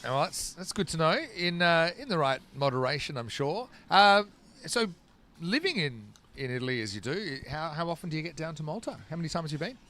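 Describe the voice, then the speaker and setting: Bright-voiced male cricket commentator. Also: fairly high pitch, lively intonation, fairly quick. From Australia. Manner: chatty, laughs often, breaks off for play-by-play. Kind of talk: live sports commentary and chat.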